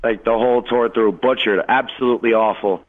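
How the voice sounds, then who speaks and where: A man appearing as a guest on an uncensored radio podcast, coming through a thin, phone-like line. He speaks bluntly and emphatically and fires off quick, profane asides. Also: medium pitch, steady tone. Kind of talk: casual profane chat.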